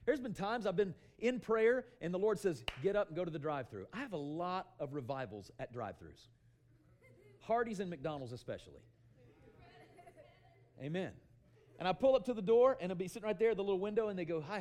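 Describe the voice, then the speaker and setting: Brief: middle-aged male preacher, loud animated storytelling, lively swooping pitch, higher than most men. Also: brisk. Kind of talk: sermon.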